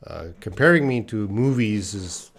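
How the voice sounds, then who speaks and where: In a live online class, a man teaching English reads out and patiently corrects chat questions, slow and clear for his learners. He sounds weary, but his fairly low voice stays animated.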